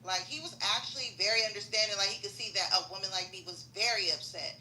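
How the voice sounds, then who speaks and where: A woman telling a profane, slangy comedic story in an animated rant, as a podcast host. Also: medium pitch, fast talker, slight background noise. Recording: roomy echo.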